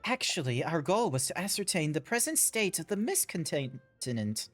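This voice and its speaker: A streamer reading a polite, formal adventurer's lines in a game, measured and courteous. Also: medium pitch, sing-song, a bit bright. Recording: background music under the voice.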